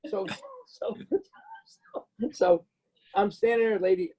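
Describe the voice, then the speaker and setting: A man with a New Jersey accent telling a story in casual chat, profane and animated, acting out the people he quotes. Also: high-pitched, takes it slowly, highs cut off, a little hiss or hum. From Bloomfield, New Jersey. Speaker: podcast guest.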